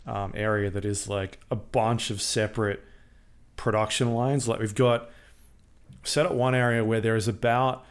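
A man co-hosting a gaming podcast, explaining things in a relaxed, rambling way with many fillers. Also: lowish voice, moderate pace, smooth. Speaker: podcast co-host. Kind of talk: casual chat.

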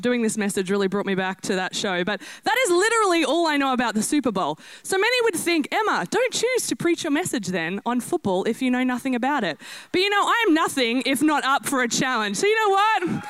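A woman preaching a lively, self-deprecating sermon to a church congregation. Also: sits high, brisk, smooth, no echo. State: out of breath. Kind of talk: energetic sermon.

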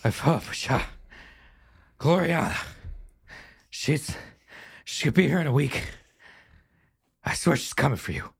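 Frantic young intern, breathless and rambling, high yelping voice, gravelly edge, a man putting it on. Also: lively intonation, measured pace, long pauses, exaggerated voice. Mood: panicked. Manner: panicky, rambling, loud.

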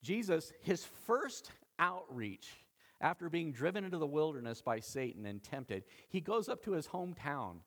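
A male pastor preaching a sermon in a lively, dramatic storytelling manner. His voice sits high and swoops widely as he acts out each scene. He leans hard into the drama of the story. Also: moderate pace. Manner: animated, dramatic storytelling with acted-out quotes.

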